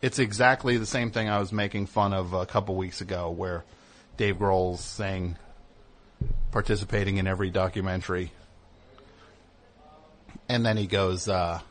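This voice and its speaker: A man hosting a comedy talk show, rambling through a bit with many fillers and quick mock voices. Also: low voice, steady tone, a little hiss or hum. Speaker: radio show host.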